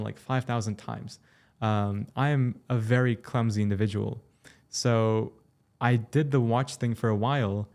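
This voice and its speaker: On his laid-back crypto stream, a young man from Turkey reads questions from chat and responds conversationally. His medium-pitched voice stays easygoing as he walks through explanations one step at a time.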